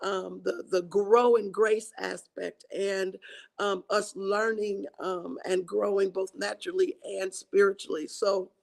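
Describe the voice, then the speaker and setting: A woman hosting a church women's livestream, her voice raspy and tired from singing, talking in an encouraging way with many fillers and restarts. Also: mid-range voice, level tone, unhurried. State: hoarse from singing. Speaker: host of a women's ministry livestream.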